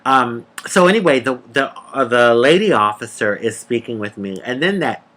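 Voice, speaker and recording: Sassy, animated storytelling woman. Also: a bass voice, moderate pace. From United States. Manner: animated, sassy, calls the listener honey; laughs between lines. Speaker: vlogger. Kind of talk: casual personal storytelling.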